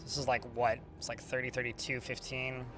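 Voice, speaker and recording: A man's voice: mid-range voice, monotone, a little fast, over music. A man casually commentating a strategy game while streaming, chatty and swearing now and then. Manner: chatty, swearing, talks to chat.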